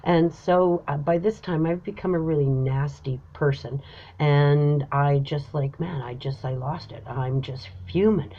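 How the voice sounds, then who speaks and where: Animated woman telling a story, lo-fi. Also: low voice, unhurried. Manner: animated, emphatic, many fillers. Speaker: host. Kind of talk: casual storytelling. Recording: dull lo-fi recording.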